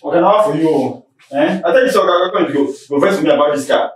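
A man's voice: a little high, fairly quick, lightly acted. A man with a Nigerian Pidgin accent acting in a film, pushily demanding a car key. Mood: impatient. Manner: pushy, demanding. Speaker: car owner's agent. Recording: very echoey room from a distance.

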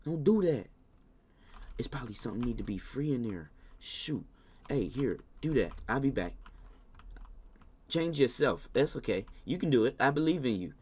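A man giving casual let's-play commentary on a game, talking to the characters, slangy, with loud scolding bursts. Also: medium pitch, expressive, normal speed, slightly rough. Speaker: gaming YouTuber.

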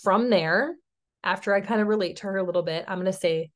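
A woman's voice: medium pitch, fast. A woman in her thirties from Tennessee, giving a chatty, encouraging sales training talk and often checking in with "okay?". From Tennessee, USA. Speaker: network marketing team leader.

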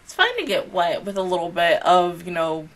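A woman in her late twenties talking casually as an anime reaction host, slangy and animated, laughing often and swinging between loud squeals and soft murmurs. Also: lowish voice, normal speed.

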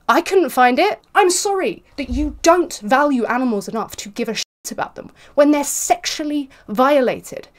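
A woman reacting to video clips with sarcastic, exasperated ranting commentary. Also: on the high side.

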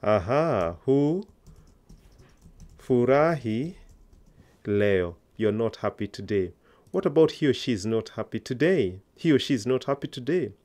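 A man's voice: mid-range voice, very animated, measured pace, a little mellow. Man teaching a language lesson. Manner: patient, coaxing learners to answer aloud.

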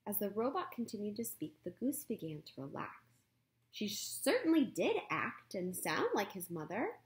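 A woman reading a children's book aloud in an expressive, playful way, correcting her own slips as she goes. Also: medium pitch, normal speed. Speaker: reader.

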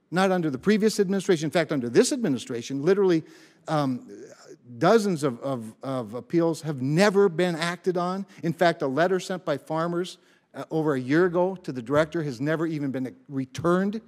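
A man with a slightly high voice gives an emphatic statement at a committee hearing, leaning hard on the words he wants to stress. He often backs up and restarts mid-phrase. His voice carries a long reverb tail from the hearing room. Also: a little mellow. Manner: frequent restarts and word repeats. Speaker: senator.

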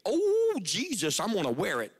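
A man preaching a revival sermon, shouting at times and dropping to a hush at others. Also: a little high, normal speed. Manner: shouting, swinging from loud to hushed.

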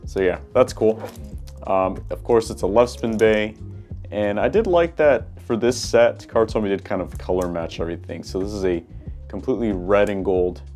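A man casually talking through a toy unboxing at a small table, relaxed and chatty with frequent ums and uhs. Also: on the low side, normal speed, soft background music. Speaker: toy collector reviewer.

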